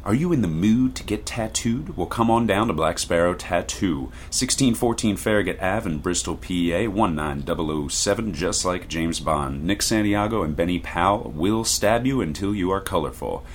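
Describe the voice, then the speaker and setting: A man reading a scripted ad in a booming pitchman delivery. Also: lively intonation, moderate pace, few pauses, slight background noise. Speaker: ad announcer. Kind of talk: scripted radio-style ad read.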